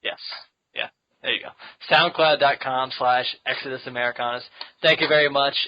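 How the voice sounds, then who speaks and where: A man's voice: medium pitch, steady tone, a little fast. Joking male podcast host, lo-fi sound. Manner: joking, rambling with many restarts. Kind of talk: casual podcast chat.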